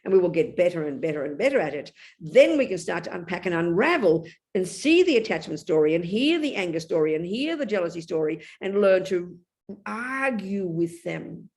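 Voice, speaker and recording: An older English woman teaches with blunt, lively energy, her pitch leaping and falling as she tells her story. She shifts quickly from quiet asides to sudden loud outbursts. Her talk is direct and unpolished. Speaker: Buddhist nun teacher. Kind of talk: Dharma talk.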